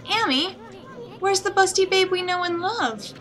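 A woman's voice: very high-pitched, measured pace, voice pushed up. A woman doing a brash tiny male sprite. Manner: cocky, flirty, excitable. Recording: game music behind voice.

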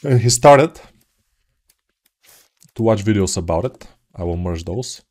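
Slow-talking Bulgarian man, low voice. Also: lively intonation, a little mellow. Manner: rambling, self-mocking, jokey asides. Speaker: 3D art tutor. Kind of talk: live commented modeling tutorial.

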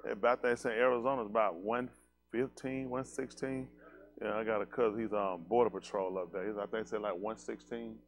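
A man's voice: lowish voice, fairly even intonation, a little fast. A man, preaching a loose, joking sermon and speaking straight to his congregation. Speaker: pastor. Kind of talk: casual sermon talk.

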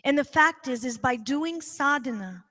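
A woman giving a spiritual talk at a devotional center, telling a personal story in an emphatic, animated way. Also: high voice, moderate pace. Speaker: devotional speaker.

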